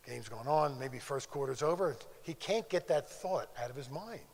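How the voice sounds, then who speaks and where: A man's voice: mid-range voice, animated, brisk, hardly any pauses, a little hiss or hum. An older man giving a conversational faith testimony at a conference, telling stories and acting out the dialogue. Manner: storytelling, conversational, acts out quoted dialogue. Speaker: conference speaker. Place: conference hall. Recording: long hall reverb.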